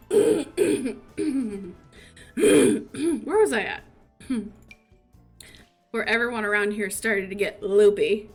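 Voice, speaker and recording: A woman's voice: medium pitch, drawn-out words, long pauses, a little mellow, faint music behind. A young woman streaming a life-sim game, chatting casually and breaking into laughing fits while she reacts to chat. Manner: giggly, laughing fits, reads chat aloud.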